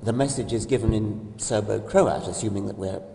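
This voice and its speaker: Older guy, dark mellow voice, measured careful talk, roomy echo far off mic. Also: lowish voice, gravelly. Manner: measured, precise explanations with slight hesitations. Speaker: interviewer. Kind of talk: conversational interview. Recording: distant mic, echoey hall with long reverb.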